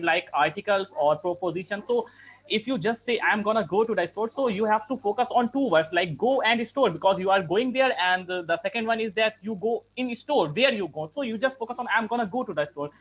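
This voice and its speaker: Young man with a high voice in a casual English practice group, explains with examples, repeats phrases, faint background noise. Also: a bit bright.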